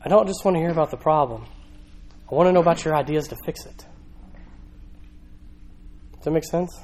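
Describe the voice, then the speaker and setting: A man's voice: a little high, a little fast, a little mellow, poor audio. A male pastor preaching a sermon in a church, talking conversationally with rhetorical questions and emphatic repetition.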